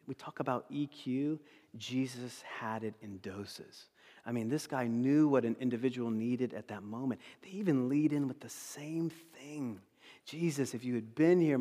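Male pastor, lively sermon delivery, voice echoing through a big hall. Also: medium pitch, slightly rough. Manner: animated, swings between loud emphasis and hushed tones.

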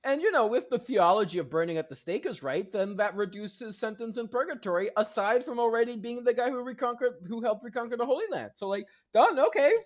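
A man chatting as a podcast guest, animated and profane, often breaking into laughter. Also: very high-pitched, a little fast, hardly any pauses. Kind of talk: casual chat.

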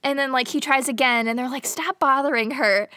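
A young woman co-hosting a podcast retells a movie plot to her partner, chatty and giggly, acting out the characters' lines. Her voice is high-pitched and sharp, she talks briskly, and the recording is dry with clean studio sound.

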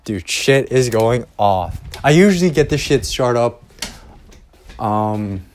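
Slow, rambling young man podcasting. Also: medium pitch, animated, a little mellow, slight background noise. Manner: profane, self-deprecating, trailing off. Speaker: podcast host. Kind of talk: rambling casual monologue. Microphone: headphones and home recording setup.

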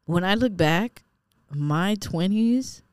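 A chatty, expressive woman in her late twenties co-hosting a casual podcast. Her voice is smooth and clear, recorded close with a dry sound. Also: medium pitch, takes it slowly, dry recording. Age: late 20s. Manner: chatty and expressive, laughs often. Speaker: podcast co-host. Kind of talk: casual chat.

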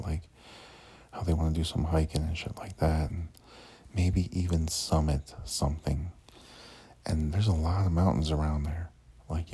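A man with an extremely deep, very husky voice tells a rambling story about his day. He swears freely and keeps restarting his sentences. His delivery stays flat and his tone is dark. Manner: rambling, profane, many fillers and restarts. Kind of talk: casual storytelling.

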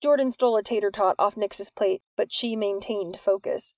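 Gravelly woman narrating a novel. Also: mid-range voice, normal speed, few pauses, darkish tone, no room sound. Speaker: audiobook narrator. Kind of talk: scripted narration.

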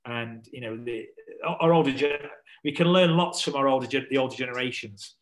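A man's voice: mid-range voice, brisk, rough recording. Rambling man, podcast guest. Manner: rambling, lots of fillers and restarts. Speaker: podcast guest, survival instructor. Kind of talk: casual podcast chat.

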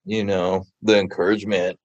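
A man being interviewed about his mural work, telling stories in a casual, animated way full of fillers. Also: low-pitched, normal speed, dry recording, highs cut off. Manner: animated, chatty, many fillers. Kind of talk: casual storytelling.

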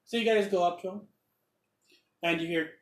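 A man's voice: high-pitched, fairly even intonation, normal speed, a bit bright, far from the mic. A man narrating as game master in a rambling, hesitant way. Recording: roomy echo, off-mic.

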